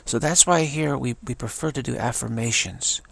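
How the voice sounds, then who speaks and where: Gravelly older man, stammering. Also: medium pitch, moderate pace, dry recording. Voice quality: gravelly, husky. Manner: repetitive, stammering restarts. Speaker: spiritual teacher. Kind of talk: spiritual talk.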